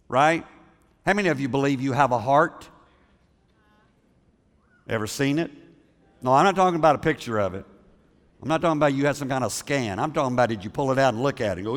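Conversational preacher in a reverberant hall. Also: male voice, mid-range voice. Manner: conversational, repeats words, asks the congregation questions. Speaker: pastor. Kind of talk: sermon.

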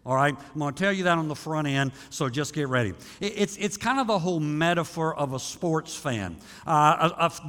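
A man's voice: fairly high pitch, a bit bright. A man preaching a sermon as a pastor, in a folksy, conversational way with frequent restarts. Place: church sanctuary. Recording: long hall reverb.

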